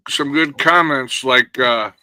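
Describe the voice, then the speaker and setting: Bright-voiced man reading chat comments. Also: medium pitch. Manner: reads out viewer comments and agrees briskly. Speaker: livestream co-host reading chat. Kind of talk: casual chat.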